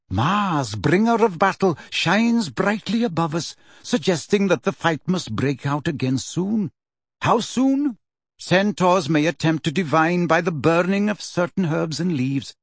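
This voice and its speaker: A man voicing a calm, aloof male centaur teacher, speaking in a measured, quietly dismissive way. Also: fairly high pitch, no echo, clean studio sound. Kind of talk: audiobook character reading.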